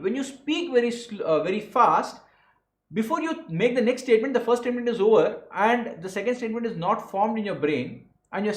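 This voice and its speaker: A man's voice: very high voice, reverberant, rough recording. A young man with an Indian English accent coaching students for interviews, stressing his words with a voice that rises and falls. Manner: animated, stresses words, voice rising and falling. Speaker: exam coach. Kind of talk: instructional talk to students.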